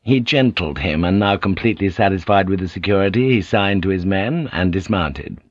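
Low-voiced male audiobook narrator. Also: moderate pace, no echo, dull audio. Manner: steady, descriptive reading. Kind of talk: scripted narration.

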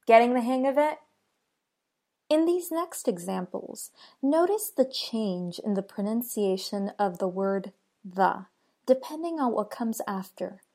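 A woman with an American accent teaching a pronunciation lesson, saying each word slowly and repeating it for learners. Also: on the high side, a little mellow. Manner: models words slowly and repeats them for learners. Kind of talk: slow, clear pronunciation lesson.

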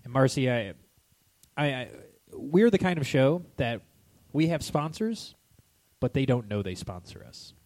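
A man's voice: mid-range voice, lively intonation, a little slow, a little mellow. A young man co-hosting a podcast in casual chat, rambling with many restarts and frequent laughs. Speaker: podcast co-host.

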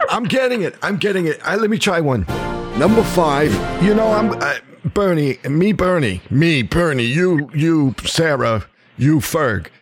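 A man's voice: a little high, expressive, over music. A man doing a bumbling elderly politician. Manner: halting, repeats himself, confused. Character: impression of an elderly male politician learning a drawl. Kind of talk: comedy sketch impression.

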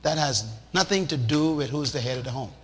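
A man preaching a sermon in a lively, animated way, acting out little scenes and shouting for emphasis. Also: medium pitch, fairly quick. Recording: reverberant hall with faint noise.

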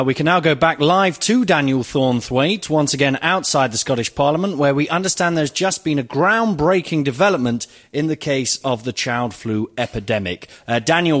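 A man in an improvised comedy scene, answering meekly and hesitantly. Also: a little high. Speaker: improv performer.

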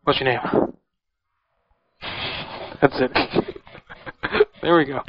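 A man's voice: medium pitch, drawn-out words, noisy background. A man hosting a prank call show, joking and playful in casual chat. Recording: muffled lo-fi audio.

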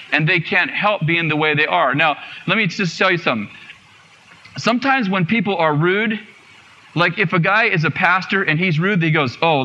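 Male preacher, high bright voice, earnest, repeats for emphasis, lo-fi sound. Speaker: guest preacher. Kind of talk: sermon.

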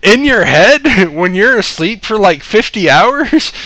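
A man's voice: high voice, very animated, takes it slowly, sharp tone, dry recording. A man casually telling a story, swearing a lot and laughing between lines.

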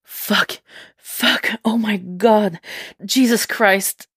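A woman's voice: lowish voice, fairly even intonation, very slow, a little mellow, dry recording, studio quality. A woman reading aloud voices a breathless, overwhelmed young man who speaks in gasping, broken phrases.

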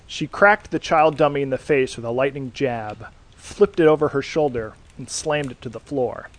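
A man narrating a scripted horror story in a dry, deadpan reading. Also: mid-range voice, moderate pace. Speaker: podcast host and reader.

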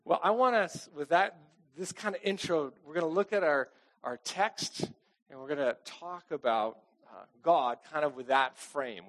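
A man's voice: a little high, a bit bright. A middle-aged man preaching a casual, conversational sermon, chatty and self-deprecating, often asking the congregation "okay?". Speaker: pastor.

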